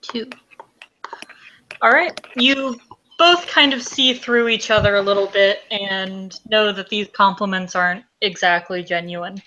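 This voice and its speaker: A woman's voice: medium pitch, a little slow, bright, forceful tone, rough recording. A woman running a tabletop role-play game, matter-of-fact as she calls the rolls. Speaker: game master.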